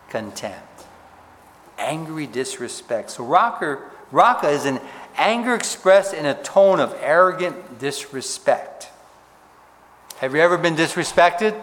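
A man preaching a sermon as pastor, stressing words and dropping to a hush on key points. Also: medium pitch, big-room sound.

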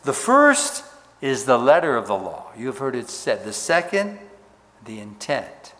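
A man preaching a sermon as pastor, stressing words and dropping to a hush on key points. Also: mid-range voice, sing-song, unhurried, in a large hall.

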